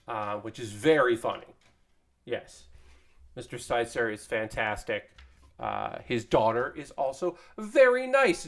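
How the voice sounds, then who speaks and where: A man hosting a casual live stream, chatting in a rambling way with many fillers while he assembles a model kit. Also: medium pitch. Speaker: streamer building model kits.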